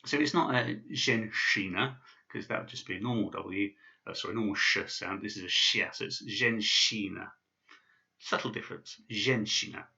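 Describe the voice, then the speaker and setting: A man's voice: lowish voice, fast, creaky, bright, forceful tone, lo-fi sound. A man teaching basic pronunciation in a casual video lesson, with many fillers and restarts. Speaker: language teacher.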